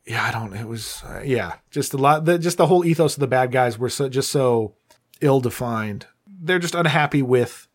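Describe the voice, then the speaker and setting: A man co-hosting a casual podcast who picks apart a film with dry, deadpan humor. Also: medium pitch, moderate pace. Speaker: podcast co-host. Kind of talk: casual film critique chat.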